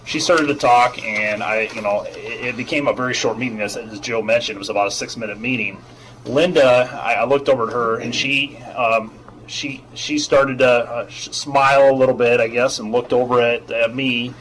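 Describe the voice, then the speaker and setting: A middle-aged man, an HR manager, giving formal testimony at a hearing in a measured, explanatory way, often repeating himself. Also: medium pitch, steady tone, a bit bright, a little hiss or hum, rough recording.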